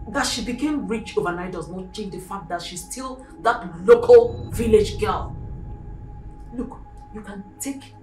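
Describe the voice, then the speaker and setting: A woman's voice: medium pitch, close to an everyday voice. A Nigerian woman acting a domineering wealthy mother who scolds in repeated bursts. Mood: scornful. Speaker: mother of the house. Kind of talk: film drama acting.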